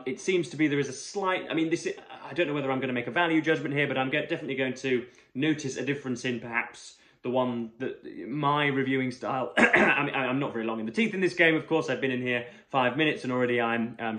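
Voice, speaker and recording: A man reviewing a magazine for his book channel, talking in a halting, wordy way with many fillers and restarts. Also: medium pitch, fairly bright tone. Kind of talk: casual book review vlog. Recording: roomy echo.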